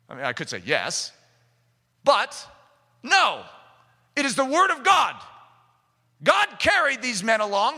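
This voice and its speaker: Guy preaching hard, really lively swooping voice, big echo like a hall. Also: high voice. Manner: fervent, rising to shouts for emphasis. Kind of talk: sermon. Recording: echoey hall reverb.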